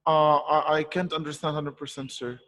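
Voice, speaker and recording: A man's voice: a little high, flat delivery, moderate pace, a bit bright, natural voice. A man voicing a curious young male pupil who asks hesitant, apologetic questions. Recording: echoey room with long reverb.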